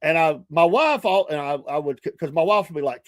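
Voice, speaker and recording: A man's voice: a little high, lively intonation, a little fast, no echo. A middle-aged man, hosting a morning show and telling rambling, chatty stories full of asides and self-corrections. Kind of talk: casual storytelling.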